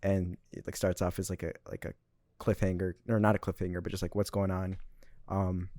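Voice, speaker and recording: A man's voice: sits low, level tone, brisk, dark tone, no echo, clean studio sound. A young man guesting on a podcast, telling stories in a rambling way full of "like" and "um". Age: young adult. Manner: rambling, filler-heavy storytelling. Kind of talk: casual chat.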